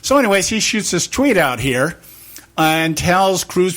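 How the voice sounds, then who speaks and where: A man hosting a political talk show, rambling through rhetorical questions and acting out quick imagined back-and-forth exchanges. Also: high voice, very animated, fairly bright tone.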